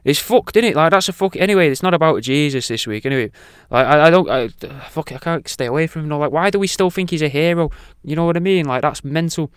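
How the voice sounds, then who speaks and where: A man hosts a radio show in a rambling, irreverent monologue full of swearing. His voice is smooth and resonant. It sits close and dry, with no room sound around it. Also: fairly high pitch, fast, no room sound.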